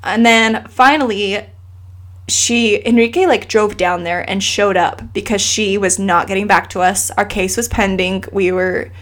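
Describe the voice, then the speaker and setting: In an unhurried, medium-pitched voice, a thirties-aged woman shares a personal story as a guest in relaxed conversation. Earnest and emotional, she animatedly performs other people's words, dropping their quotes in as lively asides.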